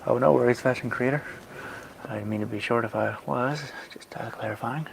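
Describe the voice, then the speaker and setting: Playful man with a gravelly voice. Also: medium pitch, fairly quick, background noise. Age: 30s. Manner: playful, rambling, breaks into silly made-up songs. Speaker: livestreamer chatting with viewers. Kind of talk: casual live-stream chat.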